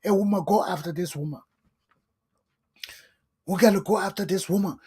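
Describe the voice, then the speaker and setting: Talk host, husky mid-pitched voice, scolding, fiery monologue. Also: moderate pace, a little mellow. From Liberia. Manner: fiery, scolding, repetitive ranting. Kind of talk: impassioned political monologue.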